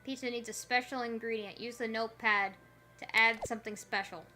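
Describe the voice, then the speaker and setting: A woman's voice: fairly high pitch, fairly even intonation, a little fast. A woman streaming a puzzle game, chatting casually with playful, rambling asides. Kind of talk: casual gameplay commentary.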